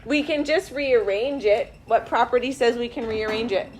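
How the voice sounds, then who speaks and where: A woman teaching math to a classroom, her voice sitting a little high. She talks students through each problem slowly and deliberately, step by step. A faint hum of noise runs underneath. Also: darkish tone. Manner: slow, deliberate step-by-step explaining. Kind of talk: classroom instruction.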